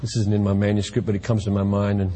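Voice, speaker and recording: A man preaching a sermon from the pulpit with impassioned delivery, at times rising to shouts. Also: lowish voice, level tone, quick pace, long reverb tail, a little hiss or hum. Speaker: pastor. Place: church sanctuary.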